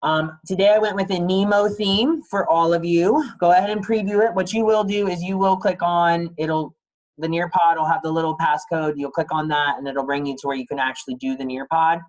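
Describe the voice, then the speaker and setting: A man's voice: fairly high pitch, level tone, fairly quick, low-quality recording. A male teacher giving a casual, chatty read-aloud and lesson for young kids, talking to them directly.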